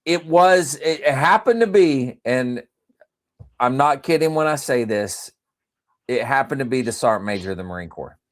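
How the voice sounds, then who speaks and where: Lively man telling a funny story. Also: mid-range voice, normal speed. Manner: animated storyteller who laughs often. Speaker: podcast host. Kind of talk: casual chat and storytelling.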